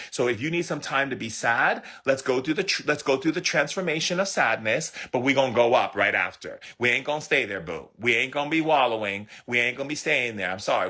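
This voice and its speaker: A man's voice: mid-range voice, bright, forceful tone, slightly rough. A man giving a motivational spiritual talk in a sassy, emphatic way, repeating phrases for punch. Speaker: spiritual teacher.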